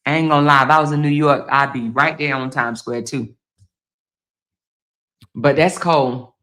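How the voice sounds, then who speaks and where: A Chicago woman, a blogger, hosts a casual livestream from indoors at home, reading chat comments aloud and reacting in an emphatic, chatty way, swearing freely and calling viewers baby and girl. Her voice is extremely low in pitch, steady in tone, fairly bright, and moves at a moderate pace.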